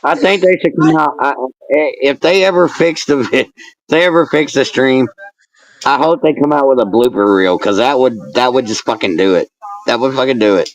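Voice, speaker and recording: This wrestling manager and referee, a man with a mid-range voice, talks at a moderate pace over poor audio. As a guest in a laid-back, profane interview, he rants and teases energetically, swearing constantly.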